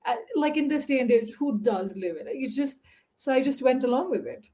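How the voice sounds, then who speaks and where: A woman from Nepal, chatting as a podcast guest, animated and laughing often between filler-laden sentences. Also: high voice, fairly quick. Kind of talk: casual interview chat.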